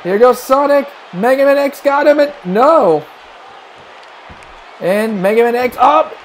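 A man calling wrestling play-by-play, excitable and breaking into shouts at big moves. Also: very high-pitched, a little slow, a faint crowd, slight background noise, poor audio. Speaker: play-by-play commentator.

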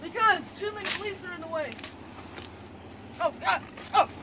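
A performer playing a frantic, hot-tempered young man obsessed with a phone game, yelling in shrill, whiny outbursts in an amateur comedy skit. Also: moderate pace, slight background noise, heavily acted.

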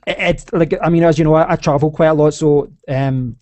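A man's voice: a little high, steady tone, a little fast, a little mellow, no echo. A young Scottish man hosting a casual podcast chat, talking in a rambling way with many restarts. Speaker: podcast host.

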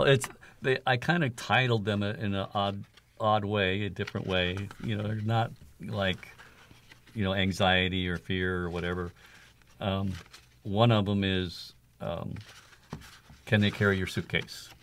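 Man, interview guest, earnest and reflective, raspy low voice. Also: fairly even intonation, a little slow, a little hiss or hum. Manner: earnest, reflective, with soft laughs. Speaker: guest, author and father. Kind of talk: conversational interview storytelling.

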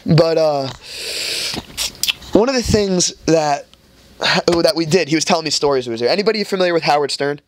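A man's voice: a little high, normal speed, pauses often, a little hiss or hum. A young man hosting a casual podcast, telling loose, rambling stories and swearing freely. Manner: loose, profane, rambling storyteller. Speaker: podcast host. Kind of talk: casual storytelling chat.

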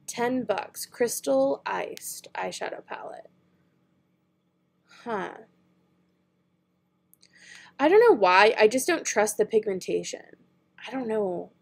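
A woman's voice: medium pitch, sing-song, slow, pauses often. A young woman beauty vlogger chatting casually and thinking aloud while she browses makeup online, with frequent giggles. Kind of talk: casual online shopping chat.

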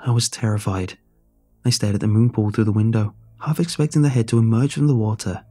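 A man's voice: fairly low pitch, steady tone, fairly quick, dark tone, breathy edge, soft background music. A man narrating a horror story in the first person, in a tense, scripted reading.

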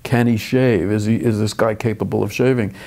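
A man's voice: on the low side, fairly even intonation, a little fast, vocal fry, mellow. An older man, a film director, talking thoughtfully in an interview with frequent restarts. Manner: thoughtful, restarts often, dry chuckles. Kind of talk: interview conversation.

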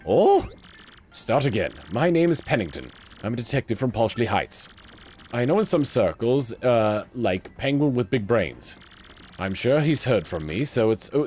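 A man puts on a pompous male penguin detective for a comedic video game voice-over. The voice is stuffy and self-important, pitched lower and darker than his own, swinging widely in tone. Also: a little mellow, a little hiss or hum.

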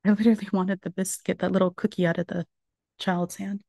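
A woman's voice: mid-range voice, little pitch movement, a little fast, gravelly, warm tone, no echo. Female speaker for a faith lecture, earnest storyteller, mid-range voice, dry recording. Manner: earnest storytelling, retelling a survivor's words. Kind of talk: religious lecture.

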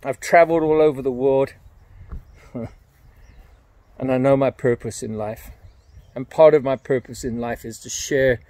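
A man's voice: medium pitch, fairly even intonation, unhurried, pauses often, mellow, dry recording. An older man giving an earnest, emphatic evangelistic message to camera, often repeating his phrases.

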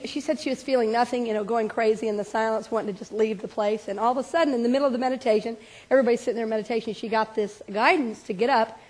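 A woman's voice: a little high, poor audio. A woman pastor giving a conversational sermon and leading a prayer, repeating affirmations. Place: church sanctuary.

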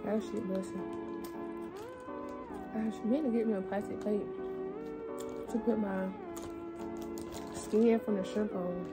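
A woman's voice: mid-range voice, fairly even intonation, a little slow, pauses often. A young woman, chatting casually and candidly to her phone camera as a vlogger. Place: at home and in a car. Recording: music playing loud behind.

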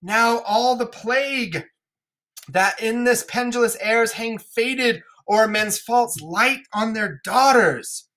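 A woman reading the part of an old king going mad, in slow, grand, anguished verse. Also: fairly high pitch, a bit bright, pitched above the performer's own voice. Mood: brooding. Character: old male king sliding into madness.

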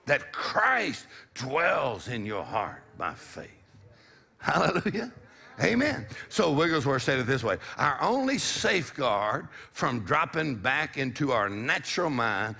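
A man's voice: medium pitch, vocal fry, sharp tone. A middle-aged man preaching a sermon, exhorting the congregation with call-and-response and a repeated "come on".

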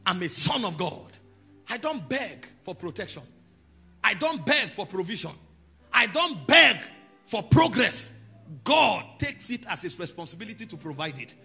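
A man preaching a sermon, teaching calmly, then rising to loud, emphatic declarations over soft background music. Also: high voice.

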